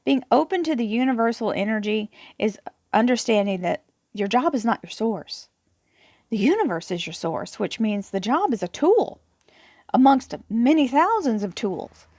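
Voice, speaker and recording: Talking to camera, a woman who reads tarot shares affirmations and explains them with earnest encouragement, frequently repeating words. She has a high-leaning, expressive voice with a darkish tone and a moderate pace, recorded with no echo.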